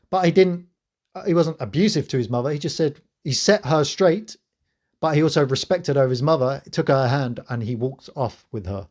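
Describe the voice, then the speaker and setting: A man's voice: fairly high pitch, moderate pace, a little mellow. A man hosting his own channel, giving an earnest, preachy spiritual monologue to camera. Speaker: channel host.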